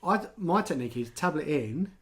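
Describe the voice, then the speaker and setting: A man co-hosting a casual podcast chat, calm and easygoing, given to gentle laughs. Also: fairly high pitch, moderate pace, heavy background noise. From England. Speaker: podcast co-host.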